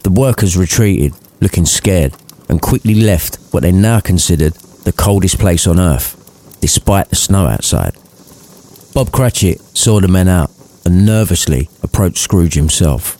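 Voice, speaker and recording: A man's voice: low-pitched, lively intonation, unhurried, warm tone. A man narrating a crude comic retelling with cheeky asides.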